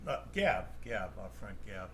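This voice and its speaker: A man's voice: lowish voice, big pitch swings, measured pace, fairly bright tone, a little hiss or hum. A man, a comedian, rambling through profane stories among friends. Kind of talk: storytelling with friends.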